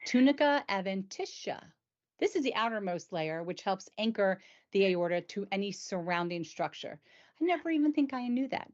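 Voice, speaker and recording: A woman's voice: mid-range voice, expressive, moderate pace. A woman hosts a casual explainer chat with a mid-range voice. She is chatty and enthusiastic, and now and then she stumbles over hard medical words. The recording sounds dull and lo-fi. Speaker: host.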